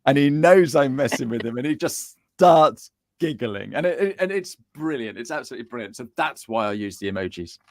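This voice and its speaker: A middle-aged man, a guest chatting casually on a podcast and telling cheeky, animated stories. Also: medium pitch, a little fast, no room sound. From England. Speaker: guest, business coach.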